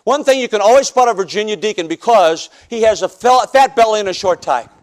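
A man with a notably high voice preaches a personal testimony sermon from the pulpit. He is from the northern United States and tells his story in an animated, humorous way, acting out the scenes for his congregation. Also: brisk. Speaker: pastor.

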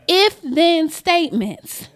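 Woman preaching a sermon, real high voice, takes her time, gets loud and emphatic. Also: sing-song. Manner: emphatic, building to loud declarations; reads scripture slowly and deliberately.

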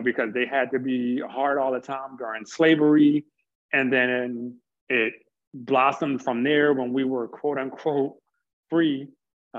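An earnest man, the interview guest, works through his thoughts at length, sometimes tripping over a word before pressing on. His voice sits at a medium pitch, and the recording has a muffled, lo-fi quality. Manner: earnest, stumbles on words, builds points slowly. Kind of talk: reflective conversation.

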